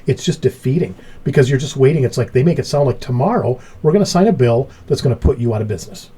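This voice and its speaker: Husky middle-aged man telling stories. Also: mid-range voice, quick pace. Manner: animated storyteller, voice jumps up when acting out his story. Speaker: podcast host. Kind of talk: casual chat.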